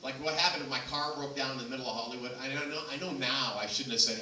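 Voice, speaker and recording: A man's voice: mid-range voice, fairly even intonation, fast talker. A man from Los Angeles doing a loose, rambling stand-up set with crowd work. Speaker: stand-up comic. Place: small comedy venue. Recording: echoey room from far off, noisy.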